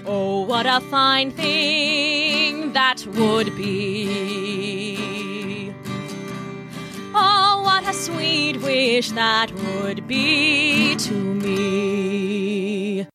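A woman's voice: on the high side, expressive, drawn-out words. A woman voicing a greedy, gold-loving male king who sings and muses aloud. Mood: singing wistfully. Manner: sings to guitar, then speaks in musing asides. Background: guitar music.

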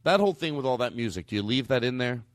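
A man's voice: expressive, quick pace, dry recording. A man hosting a comedy podcast, rambling and cutting himself off as he improvises bits with his guest. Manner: rambling, self-interrupting, bursts into high-pitched bits.

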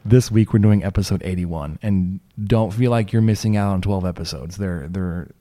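A man's voice: low voice, moderate pace, warm tone. A man hosting a casual podcast chat, joking and rambling, his voice a bit worn from losing it. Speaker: podcast host.

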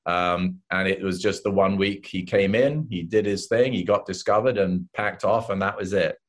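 An older man with an English accent tells his stories with plenty of color, his voice sitting on the lower side. He slips into the voices of other people as he goes, relaxed and conversational. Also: normal speed. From England. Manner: animated anecdotes, acts out voices of others. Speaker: actor guest. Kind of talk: casual interview storytelling.

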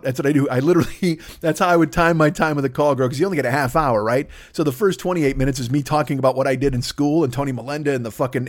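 Podcast host, male, profane rambling monologue, mid-pitched, breaks into songs and bits. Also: dry recording, studio quality. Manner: profane, rambling, bursts into singing and put-on voices. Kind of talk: crude comedic monologue.

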